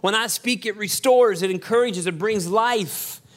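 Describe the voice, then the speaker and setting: A man preaching a sermon as pastor, conversational with quick asides and emphatic repetition. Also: high voice.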